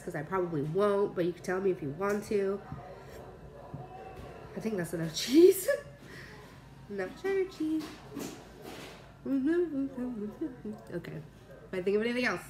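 A young pregnant woman chatting casually to her camera while cooking in her home kitchen, rambling and laughing often. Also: medium pitch. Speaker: cooking vlogger.

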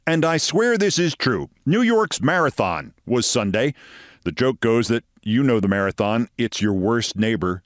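A man's voice: medium pitch, big pitch swings, normal speed, dry recording, clean studio sound. Wry storytelling male host. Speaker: show host. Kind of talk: anecdotal commentary.

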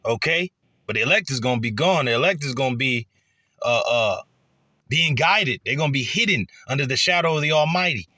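A man's voice: fairly high pitch, sharp tone, dry recording. A man preaching scripture in a heated, profane way, acting out quoted voices. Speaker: street preacher.

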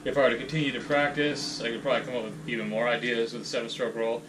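A man's voice: mid-range voice, rapid-fire, background noise. Man calling out drum stickings. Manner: counting sticking patterns aloud, relaxed and rambling. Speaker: drum teacher. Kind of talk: casual drum lesson. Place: room with a drum kit. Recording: distant mic, loud drums. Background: loud drum kit playing.

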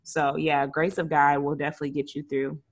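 A woman's voice: deep voice, level tone, fairly quick. A woman in her thirties, a mother, hosting a podcast and speaking in a conversational, slightly hesitant way. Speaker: podcast host.

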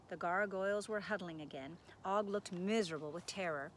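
A woman narrating a children's book aloud in a measured, gentle storytelling manner. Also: lowish voice, a little hiss or hum.

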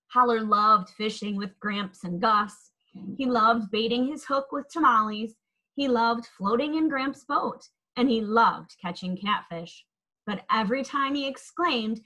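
A woman reading a children's picture book aloud in an expressive, lilting storytelling manner. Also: on the high side, a little slow, poor audio.

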